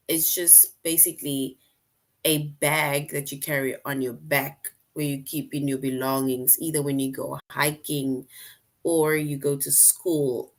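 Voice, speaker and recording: A woman teacher explaining a lesson patiently to her class online, often checking in with "right?". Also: deep voice.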